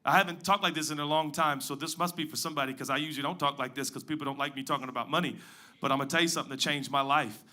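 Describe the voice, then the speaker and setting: Male pastor, sermon delivery, very bright tone, slightly high voice, big swings from loud to hushed. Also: fairly even intonation, very fast. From Pacific Northwest. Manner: dynamic preaching, swings from loud emphatic highs to hushed low asides.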